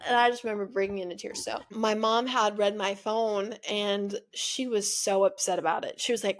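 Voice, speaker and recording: A woman's voice: mid-range voice, fairly even intonation, moderate pace, few pauses. A young woman in her twenties hosting a podcast, telling a personal story into a microphone in a chatty, emotional way, full of "like" and restarts. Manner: chatty, filler-heavy, emotional, frequent "like". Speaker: podcast host. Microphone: studio microphone.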